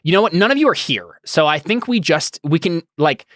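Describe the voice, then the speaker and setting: A man's voice: a little high, lively intonation, fairly quick, a bit bright, dry recording, clean studio sound. Laid-back male game master. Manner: casual, laughing, full of fillers. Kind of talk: narrating a tabletop game over a stream.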